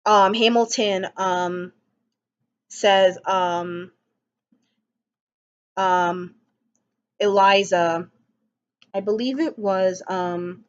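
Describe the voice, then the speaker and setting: Woman vlogger, casual album review, rambly and gushing, average pitch, muffled lo-fi sound. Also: steady tone, extremely slow, long pauses. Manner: rambling, enthusiastic, frequent ums and restarts.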